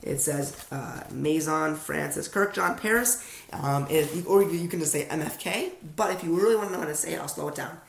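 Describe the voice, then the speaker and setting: This young adult from the United States, a fragrance reviewer, has a fairly high, creaky voice and speaks a little fast. He chats casually and self-consciously to viewers during an unboxing vlog, recorded in an echoey room at home at night.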